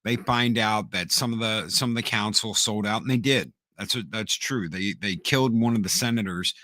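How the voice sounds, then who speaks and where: A man co-hosting a casual podcast chat, an animated storyteller who repeats words and acts out quotes. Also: on the low side, normal speed, no room sound, studio quality. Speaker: podcast co-host.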